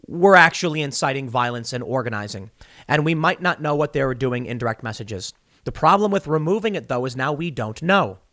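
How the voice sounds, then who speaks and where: A man's voice: on the high side, fairly bright tone, no echo, clean studio sound. Emphatic man delivering political commentary. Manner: emphatic, argumentative, builds extended analogies. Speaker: podcast host.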